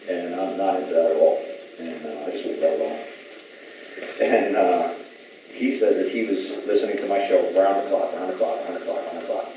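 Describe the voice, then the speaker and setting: A man's voice: low voice, dark tone, a little hiss or hum. A man giving an informal talk to an audience, rambling through stories and acting out the people he quotes. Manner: rambling storyteller who acts out quoted voices. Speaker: public speaker at a gathering. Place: large echoey room. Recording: echoey hall, voice from far off.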